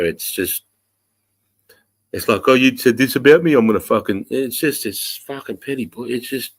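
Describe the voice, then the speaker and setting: A man's voice: lowish voice, fairly bright tone, husky. An Australian man hosting a casual livestream chat, ranting with heavy swearing. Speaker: livestream host.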